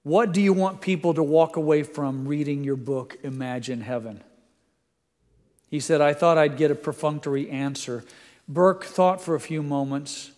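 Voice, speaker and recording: A man preaching a sermon, reading quotes aloud in an earnest voice and moving into a quiet prayer. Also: a little high, normal speed, in a large hall.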